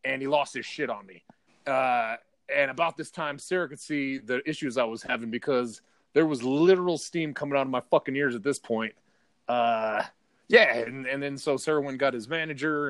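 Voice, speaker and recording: A man's voice: mid-range voice, fairly bright tone, dry recording. A man co-hosting a podcast, telling a heated, profane story in casual chat. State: partly deaf in left ear. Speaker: podcast co-host.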